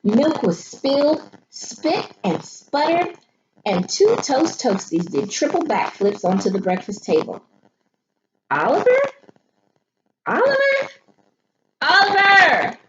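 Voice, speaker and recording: A woman teacher reading a picture book aloud to her third grade class, pausing to ask the children questions. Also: medium pitch. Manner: expressive storyteller, pauses to ask the class questions. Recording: dull lo-fi audio with noticeable noise.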